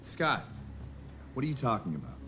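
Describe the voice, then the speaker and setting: An actor playing an earnest, steady man who questions seriously, in a film clip. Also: medium pitch, moderate pace, natural voice. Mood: puzzled. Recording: film clip over music score.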